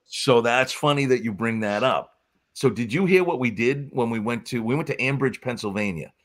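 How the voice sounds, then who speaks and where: A man with a New England accent telling wrestling stories as a guest in casual chat, acting out quotes in voices. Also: normal speed. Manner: animated, acts out quotes with high-pitched voices. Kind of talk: casual storytelling.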